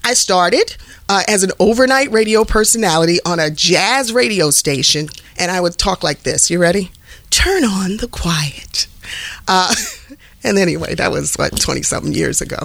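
A woman's voice: fairly low pitch, brisk, gravelly, dry recording. A middle-aged woman, a TV host and former radio personality, telling stories in a casual interview and often slipping into voices. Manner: animated storyteller, does voices and laughs often.

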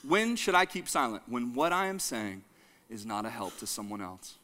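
Animated preacher man. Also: mid-range voice, normal speed. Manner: animated, calls the congregation to repeat lines; jokes and laughs with the audience. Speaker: pastor. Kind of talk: sermon.

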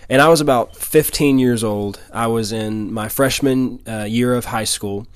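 A man's voice: medium pitch, measured pace, clean tone, no echo. A young man from Louisiana delivers a sermon, moving between scripture and his own story. He repeats key lines for emphasis, and his mid-range voice sits close and dry, with no room sound. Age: 20s. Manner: earnest storytelling, emphatic repetition. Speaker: preacher. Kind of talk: sermon with personal testimony.

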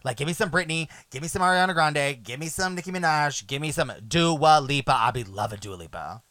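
A man hosting a music podcast, chatting casually in a playful, animated way that often trails off quietly. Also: on the high side, a little fast, dry recording. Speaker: podcast host.

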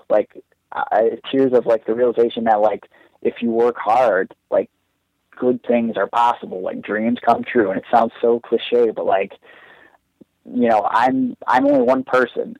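A man's voice: mid-range voice, normal speed, vocal fry, no room sound. A young man, a wrestler guest on a podcast, telling a long personal story in a casual, earnest, rambling way, with many "like"s. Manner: earnest, rambling, heavy use of "like". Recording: dull, dry lo-fi sound.

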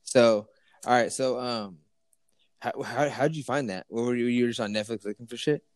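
A man's voice: mid-range voice, moderate pace, no room sound. Profane man telling a story casually. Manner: profane, animated storytelling with lots of fillers. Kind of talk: casual chat.

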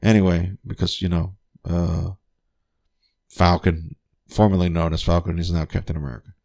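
Deep, gravelly and darkish, this man's voice holds a level tone at a moderate pace. Hosting a podcast, he gives a casual spoken review of a film, swearing freely, stumbling through fillers and restarts, laughing often with plenty of enthusiasm.

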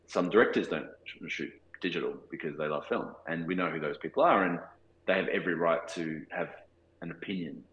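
A cinematographer in his forties with an Australian accent speaks thoughtfully in a casual interview, restarting often and using many fillers. His deep voice is brisk and a bit bright, captured in reverberant, dull audio.

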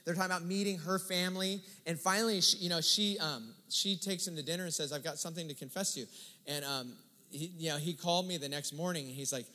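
A man preaching a sermon, telling a story in a casual, lively way and acting out the dialogue. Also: a little high, fast talker. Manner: conversational, animated retelling with quoted dialogue. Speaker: pastor. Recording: long hall reverb.

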